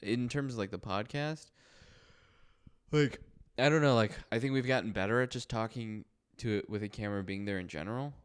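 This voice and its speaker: A young adult man co-hosting a podcast in casual chat, relaxed and joking, with rambling sentences. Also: lowish voice, brisk, clean tone. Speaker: podcast co-host.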